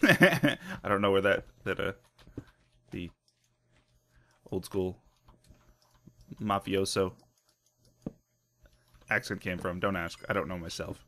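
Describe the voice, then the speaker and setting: Bright-voiced excitable let's play man. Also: low-pitched, slow pace, long pauses, a little hiss or hum. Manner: excitable, self-mocking, laughs often. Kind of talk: casual gameplay commentary.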